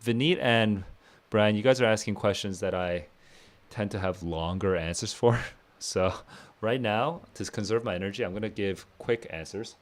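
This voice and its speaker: A man chatting casually on a live stream, answering viewer questions at home. He sounds low on energy and talks in a laid-back, rambling way, with plenty of fillers. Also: moderate pace.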